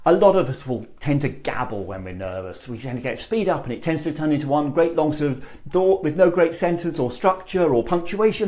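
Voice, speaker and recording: Lively-voiced man coaching with deliberate pauses. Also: on the high side. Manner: deliberate, with long demonstrative pauses. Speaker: speech coach. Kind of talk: presenting tips to camera.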